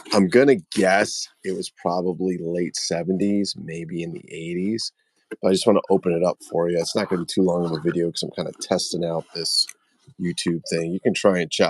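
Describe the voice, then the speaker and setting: A man's voice: deep voice, vocal fry, no echo. A man hosting a casual toy unboxing livestream from his phone, rambling and joking, greeting viewers by name. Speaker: toy collector livestream host.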